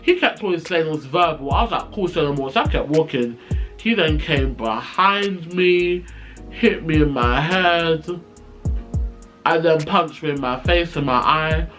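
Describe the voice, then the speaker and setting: A man telling a storytime vlog, animated, sassy and profane. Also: fairly high pitch, unhurried, soft background music. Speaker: vlogger.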